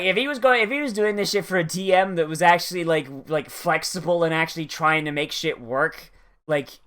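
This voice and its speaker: An anime reviewer talks through an episode in loose, profane, rambling commentary. The delivery is animated and full of asides. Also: medium pitch. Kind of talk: casual reaction commentary.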